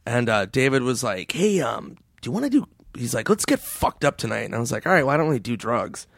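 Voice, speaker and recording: Animated male comedian telling wild stories. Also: mid-range voice, brisk, gravelly, dry recording, clean studio sound. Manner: animated storyteller acting out quoted voices, laughing, swearing. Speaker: comedian guest. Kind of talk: casual storytelling chat.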